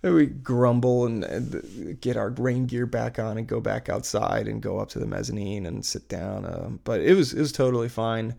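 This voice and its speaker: Brief: thirties dad, gravelly, mid-pitched, loose rambling chat full of ums and restarts. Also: male voice, moderate pace, hardly any pauses, warm tone. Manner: rambling, chatty, many fillers and restarts. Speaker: parent recounting a theme park trip. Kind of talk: casual chat.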